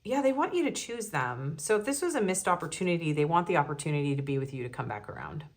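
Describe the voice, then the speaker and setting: A woman's voice: low voice, big pitch swings, quick pace. A woman giving a casual tarot reading, chatty and giggly, with many ums and likes. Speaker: tarot reader.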